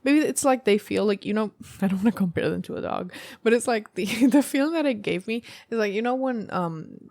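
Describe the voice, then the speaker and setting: A woman's voice: mid-range voice, lively intonation, brisk, vocal fry, a little mellow, no room sound. A woman giving a casual tarot reading to camera, rambling and thinking aloud with many fillers. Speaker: tarot reader.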